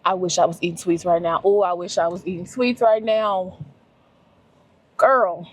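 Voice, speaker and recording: A woman's voice: fairly low pitch, fairly even intonation, moderate pace, no echo. A woman, talking to herself on a casual, emotional solo travel vlog from her car. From Louisiana, US. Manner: chatty, emotional, talks to herself. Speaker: vlogger. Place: in a car and a restaurant.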